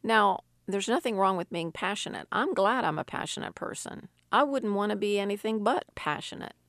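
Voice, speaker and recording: A woman's voice: mid-range voice, animated, moderate pace, a bit bright, dry recording, clean studio sound. A woman who grew up in Sicily, giving an earnest devotional talk and reading scripture aloud. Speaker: Christian speaker. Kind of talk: devotional teaching.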